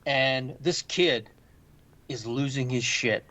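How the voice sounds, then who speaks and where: A man's voice: mid-range voice, slow, sharp tone. A man co-hosting a casual pop culture podcast, telling loose, profane stories and mimicking the people in them. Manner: loose, swearing storyteller who mimics people. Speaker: podcast co-host.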